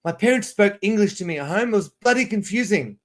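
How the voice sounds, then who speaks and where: This South African ESL teacher and streamer, in his thirties, has a fairly high, somewhat bright voice with lively intonation and a fast pace. He chats casually on a livestream, rambling, starting sentences over, and reading prompts out loud.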